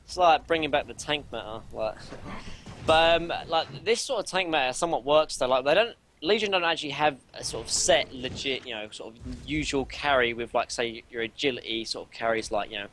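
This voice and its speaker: A hoarse young man breaks down a live esports match at a mid pitch, his analysis loose and full of fillers. Noticeable background noise runs under the stream audio. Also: fairly quick, a bit bright. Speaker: color commentator.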